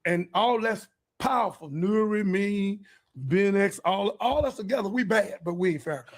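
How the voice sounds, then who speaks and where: A man hosting a podcast, delivering a fiery, profane, preachy monologue and breaking into shouts. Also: sits high, lively intonation, moderate pace. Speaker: podcast host. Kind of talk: heated monologue.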